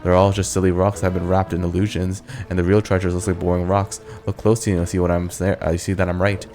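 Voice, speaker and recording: A man's voice: sits low, level tone, fast talker, darkish tone, faint music behind, lightly acted. Man reading as a whiny, boastful female filth demon. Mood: flirty. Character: vain, petulant female filth demon posing as a queen.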